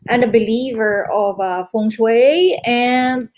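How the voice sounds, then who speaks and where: A woman's voice: on the high side, slow pace, darkish tone. A woman hosting a radio show in a hesitant way, with many fillers. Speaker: radio anchor.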